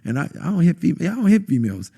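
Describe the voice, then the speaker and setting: A man, a podcast guest telling an intense personal testimony and acting out quotes with sudden high bursts. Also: very animated, rapid-fire, creaky, warm tone, breathy edge. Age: adult, has a wife. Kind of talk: emotional testimony in conversation.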